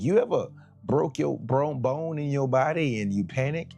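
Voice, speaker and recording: Gravelly, animated male preacher. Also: medium pitch, moderate pace, soft background music. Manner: animated, dramatic storyteller acting out scenes; colloquial, conversational preaching. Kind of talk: sermon storytelling.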